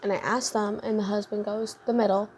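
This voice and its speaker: A woman's voice: mid-range voice, little pitch movement, a little fast, a little hiss or hum. A young adult woman vlogger telling a casual storytime, rambling and full of fillers like "like" and "um".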